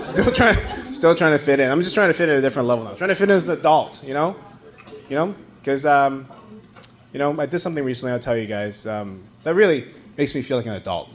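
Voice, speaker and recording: A man in his thirties, a native Mandarin speaker, doing an animated stand-up set on a comedy club stage and shouting his punchlines. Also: medium pitch, a little hiss or hum. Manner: animated, shouts punchlines, acts out others' voices. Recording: live club recording, roomy, loud audience laughter.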